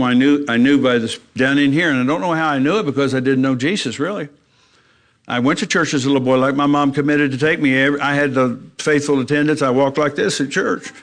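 An older man giving a testimony from the pulpit in a plain, down-to-earth way. He tells his story with the back-and-forth talk in it, and his voice climbs when he gets worked up. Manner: plain-spoken storytelling, acting out his own dialogue with rising pitch when emotional. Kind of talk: personal testimony in a church talk.

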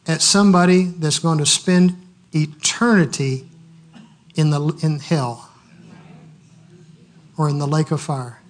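Male preacher, high-pitched, animated storyteller who laughs heartily through his sermon.

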